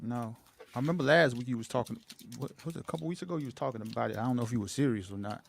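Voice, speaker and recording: A man's voice: mid-range voice, rapid-fire, gravelly. A man joining a casual chat as a guest, talking hesitantly with frequent restarts.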